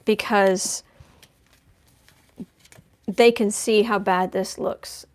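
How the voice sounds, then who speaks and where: A woman's voice: mid-range voice, steady tone, very slow, darkish tone. A woman giving a chatty live-stream tarot reading, making wry asides as she lays out cards. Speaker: tarot reader.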